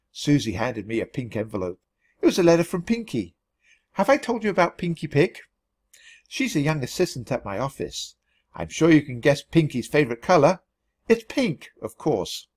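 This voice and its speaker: A man reading a children's storybook aloud for learners, in an expressive, animated way. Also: on the high side, husky. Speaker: storybook reader.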